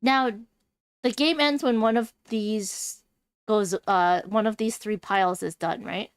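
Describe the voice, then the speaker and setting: A woman's voice: medium pitch, fairly even intonation, a little slow, smooth, dry recording. A woman hosting a board game stream, chatting casually and thinking aloud as she plays, with lots of fillers. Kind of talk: casual gameplay chat.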